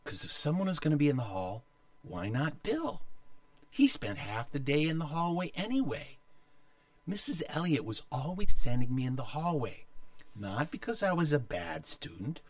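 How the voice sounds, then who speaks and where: A man telling a childhood story, animated and acting out the voices of the people in it. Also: fairly high pitch, normal speed, dry recording, recorded from a distance. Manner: animated, acts out voices of others.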